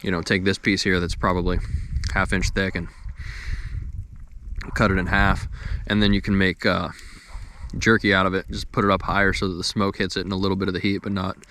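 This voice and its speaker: A man's voice: low voice, flat delivery, fairly quick, long pauses, pushed and bright, slight background noise. A young man in casual talk to the camera outdoors by a campfire, easygoing and rambling, chewing as he talks. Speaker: outdoors vlogger.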